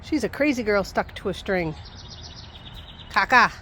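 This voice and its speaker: A woman's voice: medium pitch, expressive, measured pace, pushed and bright, slight background noise. A woman talking in coaxing, affectionate baby talk to her puppy and parrot while walking outdoors, recorded on a handheld phone. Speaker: pet owner vlogger. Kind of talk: casual talk to her pets. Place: outdoors on a walk.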